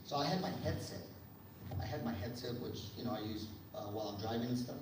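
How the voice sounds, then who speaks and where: A man giving an energetic motivational talk to an audience at a sales event, telling stories with lots of fillers. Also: mid-range voice, fast. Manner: energetic storytelling, many fillers. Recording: echoey hall, distant mic, noisy.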